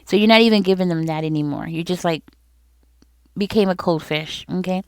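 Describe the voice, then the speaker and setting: Her voice is low-ish, a little mellow, clear and resonant, and she speaks briskly with no echo. She is a tarot reader doing a casual reading for her viewers, addressing them directly, repeating herself and frequently checking in.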